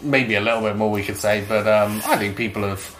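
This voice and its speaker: A man's voice: on the low side, steady tone, fairly quick, fairly bright tone. Chatty, laughing man cohosting a podcast. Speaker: podcast co-host. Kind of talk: casual chat, reading listener email. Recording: roomy echo with faint background hum.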